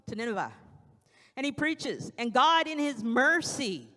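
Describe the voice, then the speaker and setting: A woman's voice: on the high side, wildly swooping pitch, moderate pace, sharp tone. Woman preaching in reverberant church. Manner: conversational preaching with acted-out quotes. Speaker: church speaker. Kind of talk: evening sermon. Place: church sanctuary. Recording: long church hall reverb.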